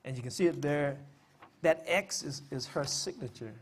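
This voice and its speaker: This speaker presenting family history and poetry has a husky, slightly high voice and a moderate pace. His public talk feels easygoing and chatty, dotted with "uh" fillers and wry jokes at his own expense.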